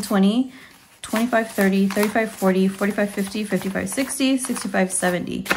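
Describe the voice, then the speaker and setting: A young adult woman talking casually to her viewers about her family budget, rambling with fillers, then counting cash aloud in a steady rhythm. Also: medium pitch, noisy background. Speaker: budgeting vlogger. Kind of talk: casual talk to camera while counting cash.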